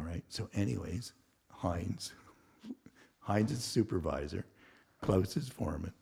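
Gravelly older man telling a rowdy story. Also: sits low, measured pace, long pauses. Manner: animated storyteller who acts out quotes, laughs and swears. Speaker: podcast guest. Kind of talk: storytelling in casual chat.

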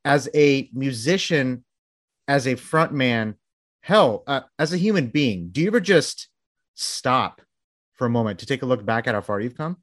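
A man's voice: medium pitch, animated, normal speed, no room sound, studio quality. A man hosting a podcast interview, enthusiastic and asking long, wordy questions. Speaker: podcast host. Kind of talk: casual interview chat.

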